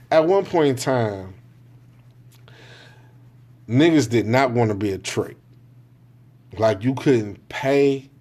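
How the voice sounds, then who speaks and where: This podcast host has a medium-pitched, slightly mellow voice. Ranting solo on his own show in casual, profane street slang, he acts out other people with quick impressions along the way.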